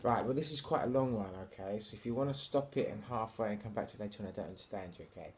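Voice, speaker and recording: A man's voice: fairly low pitch, very fast, darkish tone. A man reading a children's storybook to his kids, with casual, chatty asides between the lines.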